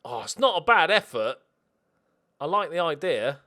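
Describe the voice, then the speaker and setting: Excitable man with lively swings. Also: high voice, moderate pace. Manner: excitable, sarcastic, self-mocking. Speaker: let's play host. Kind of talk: gaming commentary.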